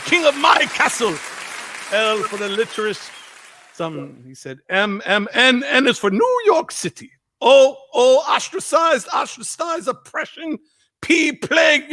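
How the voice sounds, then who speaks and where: A man's voice: very high-pitched, pitched above the performer's own voice, exaggerated voice. A man voicing a drunk, furious Jamaican father who rants insults in a Jamaican accent. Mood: shouting, furious. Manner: ranting alphabet insults, shouting.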